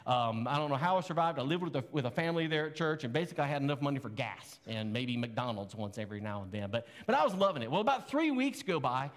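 A man's voice: mid-range voice, animated, quick pace, few pauses, long reverb tail. A man preaching a sermon as pastor, earnest and conversational, with rhetorical questions.

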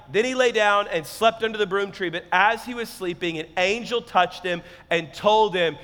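A man preaching a sermon as pastor, conversational and joking, at times shouting loudly. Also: sits high, moderate pace, hardly any pauses. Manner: conversational and joking, bursting into loud shouted lines. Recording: long hall reverb.

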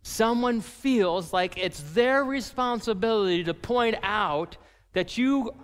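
A man preaching a sermon as pastor, animated and acting out the voices of people in his story. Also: sits high, takes it slowly, smooth, in a large hall.

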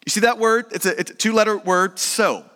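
A man preaching a sermon as pastor, emphatic and building to shouts. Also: high-pitched, brisk. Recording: long hall reverb.

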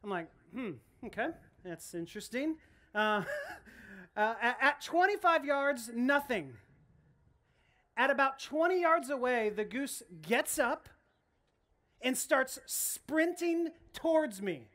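Woman pastor, sermon delivery, animated storyteller, higher-pitched voice, restarts a lot. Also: takes it slowly, long pauses. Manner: animated storytelling, laughs often, many restarts.

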